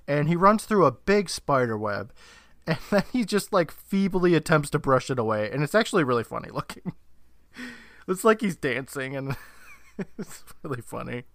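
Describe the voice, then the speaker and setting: A man with a bright, forceful voice recaps a TV episode for a podcast. He talks in a loose, laughing way, swears freely and slips into quick character impressions. His voice sounds dry and close, with no room echo. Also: fairly high pitch, big pitch swings. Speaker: podcast co-host.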